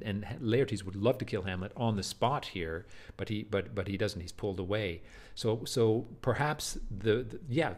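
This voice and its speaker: Brief: man with a lowish voice, casual lecturer, emphatic, stumbles and repeats words. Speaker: teacher of Shakespeare.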